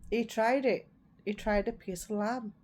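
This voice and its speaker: Chatty woman with a mellow voice. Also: fairly high pitch, fairly even intonation, measured pace. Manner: rambling, repeats herself, chatty. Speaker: vlogger. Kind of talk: casual chat to camera.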